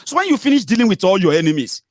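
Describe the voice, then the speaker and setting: A Nigerian man giving scornful political commentary, mixing English, Yoruba and pidgin, swinging from low grumbling to loud outbursts. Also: big pitch swings, racing, no echo, studio quality.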